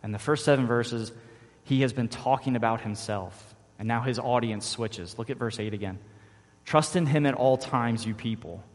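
A man's voice: medium pitch, normal speed. A man, a father, preaching a sermon as pastor, earnest and repeating key phrases for emphasis. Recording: long reverb of a large hall.

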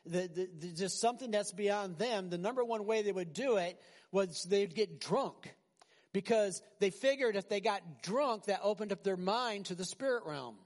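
Male pastor, conversational and animated sermon delivery, higher-pitched voice, long hall reverb. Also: moderate pace. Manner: animated, conversational preaching with rhetorical questions.

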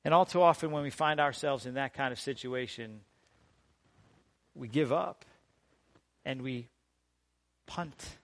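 A man preaching a sermon as pastor, emphatic and deliberate, with dramatic pauses and strong swings in loudness. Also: mid-range voice, dry recording.

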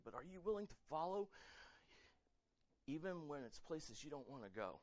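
A male pastor preaching a sermon in a casual, animated way, acting out quotes and repeating words as he talks. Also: fairly high pitch, moderate pace, no room sound, muffled recording. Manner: animated, conversational, acts out quotes, many fillers and repeats.

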